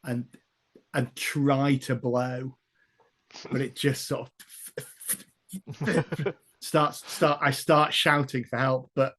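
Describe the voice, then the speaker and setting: A man's voice: medium pitch, flat delivery, slow pace, a bit bright. A man running and narrating a tabletop role-playing game, telling the story loosely with fillers and laughs. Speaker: game master.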